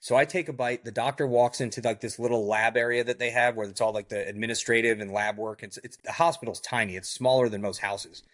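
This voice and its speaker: A man of ordinary middle pitch tells a story on a podcast as a guest. He speaks casually and bluntly, with many fillers, and acts out what others said in the tale. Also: steady tone, fast talker, hardly any pauses, a bit bright. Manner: vivid, blunt retelling that acts out the quoted dialogue; frequent fillers like "like" and "I go". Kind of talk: casual first-person storytelling.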